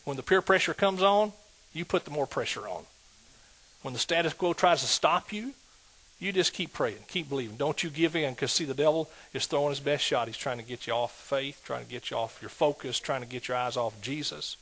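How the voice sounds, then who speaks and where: A man's voice: medium pitch, brisk, low-quality recording. A male pastor preaching a sermon, emphatic and exhorting, with repeated appeals to the congregation. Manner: emphatic, rising to loud exhortation.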